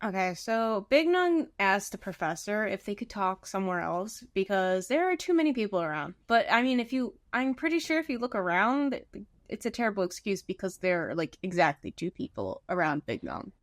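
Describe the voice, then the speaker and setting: A woman's voice: mid-range voice, very animated, normal speed. A woman co-host narrates scene events in easy conversation. Her voice sits mid-range yet moves expressively up and down. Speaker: podcast co-host. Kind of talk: casual recap chat.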